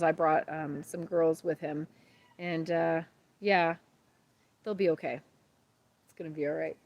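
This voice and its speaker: A woman, chatting casually as a homesteading host on a livestream, rambling and warm-hearted. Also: lowish voice, steady tone, moderate pace. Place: outdoors at night by a grill.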